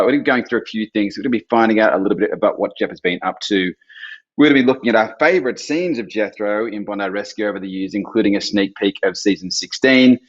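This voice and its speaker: Low-voiced stream host. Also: male voice, highs cut off. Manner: chatty, reads viewer questions aloud. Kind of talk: live stream chat.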